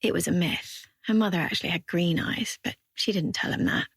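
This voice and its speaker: A woman narrating an audiobook thriller in an even, measured reading. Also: fairly low pitch, slightly rough, no echo, studio quality. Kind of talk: scripted narration.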